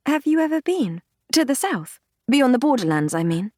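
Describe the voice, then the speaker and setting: A woman narrating a fantasy romance audiobook in the first person, reading in a measured, intimate, unhurried way. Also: high-pitched, sing-song, warm tone, dry recording, clean studio sound. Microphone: close studio mic, dry.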